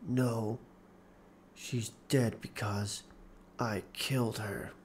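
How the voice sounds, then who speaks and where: A man voicing a grief-stricken grown man who speaks low and halting, in an audiobook reading. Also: steady tone, slight background noise. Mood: grim. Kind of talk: audiobook character voice.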